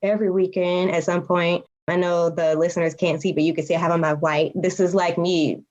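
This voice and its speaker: A woman in her thirties, appearing as a podcast guest, speaks in a lowish, level, slightly mellow voice. She talks candidly and reflectively in casual conversation, breaking into quick laughs. The audio sounds dull.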